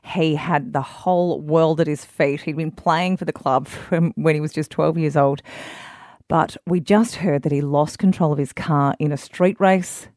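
A woman co-hosting a radio interview, reading clear scripted introductions. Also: low-pitched, fairly even intonation, a little slow, a little mellow, dry recording, studio quality. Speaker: radio co-host.

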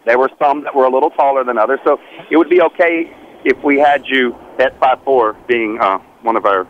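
A man's voice: medium pitch, fairly quick, narrow, tinny audio, a little hiss or hum. A man hosting a radio prank bit, playful and teasing, often breaking into laughs.

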